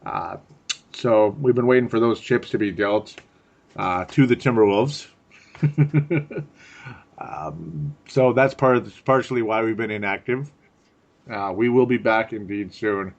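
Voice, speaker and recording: A man's voice: fairly low pitch, unhurried, gravelly, pauses often, a little mellow. A man co-hosting a podcast in casual sports chat, chatty and laughing often, repeating words for effect. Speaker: podcast co-host. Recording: dull lo-fi audio.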